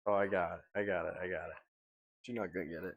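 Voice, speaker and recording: A man's voice: sits low, steady tone, fast talker, phone-quality sound. A young man chats on a livestream in a loose, joking way. His talk is slangy and offhand, with a casual, everyday delivery. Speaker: streamer.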